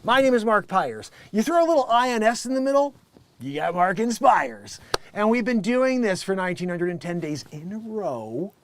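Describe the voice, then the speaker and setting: Animated, high-pitched joking male host. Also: moderate pace, slight background noise. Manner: animated, joking, self-promoting. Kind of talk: live-stream comedy monologue.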